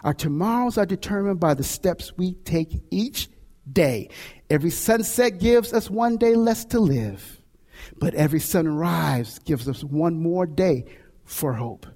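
A male pastor preaching a sermon, telling a personal story with lively, animated delivery. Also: a little high, unhurried, in a large hall. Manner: animated storytelling with shouts and laughs.

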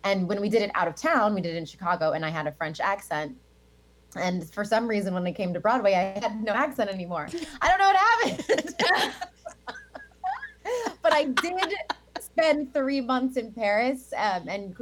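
An American woman in her thirties talks casually as an interview guest. She looks back on her stage career, says "um" and "like" often, and breaks into laughs. Her voice sits at an ordinary middle pitch. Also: fairly quick. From United States. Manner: chatty, laughs often, many fillers. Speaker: guest, Broadway actress.

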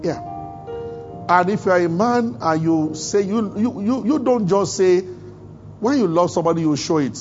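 Male African pastor, high-ish voice, humorous sermon delivery, muffled lo-fi church recording. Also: lively intonation, moderate pace, soft background music. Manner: humorous, chuckling often, acts out quoted dialogue. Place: church service.

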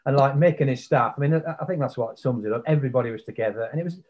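Man, podcast guest, fast talker, reminiscing, tag questions, dull lo-fi sound. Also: mid-range voice, a little mellow. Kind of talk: casual chat.

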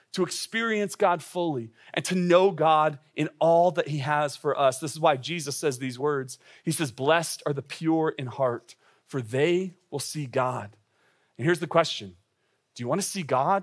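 A man giving a sermon as a pastor. He speaks with urgency, asks the listeners direct questions and often restarts his words. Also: fairly high pitch. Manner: earnest, urgent preaching with frequent quick restarts. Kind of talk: sermon to young adults.

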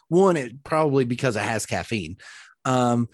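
A man co-hosting a podcast, rambling in a relaxed, profane way with lots of fillers. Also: on the high side, fast talker, no room sound, studio quality. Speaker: podcast co-host. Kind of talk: casual chat.

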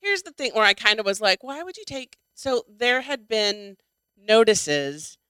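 A woman's voice: a little high, big pitch swings, measured pace, sharp tone, clean tone, no echo, clean studio sound. A middle-aged woman co-hosting a casual chat show, talking chattily with lots of ums and the odd curse. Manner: chatty, swears freely, many ums. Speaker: podcast co-host.

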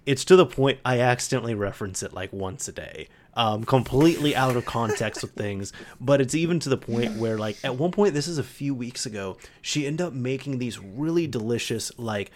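A man's voice: mid-range voice, fairly quick, hardly any pauses. Chatty male podcast host. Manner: chatty storyteller, animated retellings. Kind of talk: casual chat.

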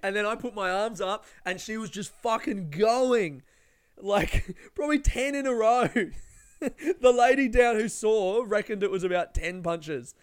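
Young man, slightly high and smooth, rambling storyteller who swears a lot. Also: measured pace. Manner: rambling, lots of swearing and fillers. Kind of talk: casual storytelling.

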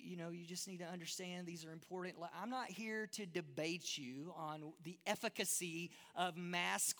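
A Texan pastor delivers a casual, self-deprecating sermon, often restarting words as he goes. His voice sits high and bright. A long reverb trails it through a large church hall. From Texas.

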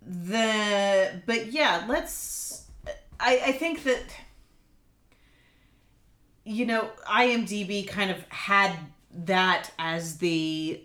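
A woman co-hosting a podcast, talking through a film in a slow, thoughtful way with many fillers. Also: medium pitch, fairly bright tone. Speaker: podcast co-host. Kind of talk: casual film discussion.

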